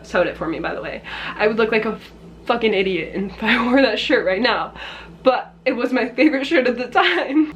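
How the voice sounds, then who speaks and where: A woman's voice: fairly high pitch, fairly quick, fairly bright tone, a little hiss or hum. Chatty young woman telling a story. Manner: chatty, laughing often, swearing, acting out quotes. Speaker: vlogger. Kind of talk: casual storytime.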